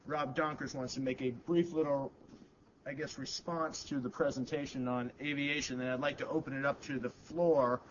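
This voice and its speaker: A man's voice: medium pitch, normal speed. A man moderates a conference panel in an easy, informal way. The recording is dull and lo-fi, with a faint hiss underneath. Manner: relaxed, informal.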